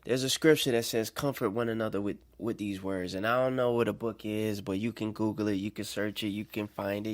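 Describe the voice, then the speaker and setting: A man giving an informal sermon to listeners, conversational and checking in with them, swinging between rising emphatic stretches and soft, quiet ones. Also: fairly low pitch, creaky. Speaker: self-made preacher. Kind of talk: informal preaching monologue.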